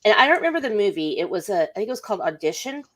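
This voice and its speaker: A woman's voice: medium pitch, very animated, rapid-fire. Chatty woman podcast host. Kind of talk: casual chat.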